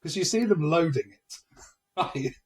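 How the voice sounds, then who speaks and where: A man's voice: fairly high pitch, expressive, measured pace. A man in his forties co-hosting a casual comedy podcast, telling self-mocking stories and often laughing at them. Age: 40s. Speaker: podcast co-host.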